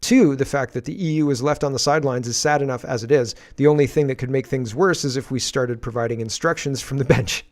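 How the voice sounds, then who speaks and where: A man's voice: medium pitch, quick pace, few pauses. Man, political stream host, sarcastic, reads posts aloud, laughs often. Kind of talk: daily livestream commentary.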